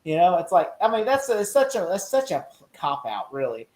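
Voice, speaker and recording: An excitable man chatting casually as a co-host. He laughs often and jumps into high voices to act out scenes. The room around him is echoey. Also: brisk. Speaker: podcast co-host. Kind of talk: casual chat.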